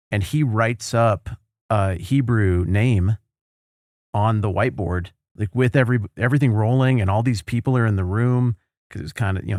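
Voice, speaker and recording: A man's voice: lowish voice, a little mellow, no echo, studio quality. A man hosting a podcast in casual conversation, telling stories with animation and acting out the people he quotes. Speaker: podcast host.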